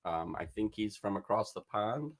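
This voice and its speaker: Gravelly, lively man, teasing. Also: lowish voice, moderate pace. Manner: giggly, teasing. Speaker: podcast co-host. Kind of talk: casual banter.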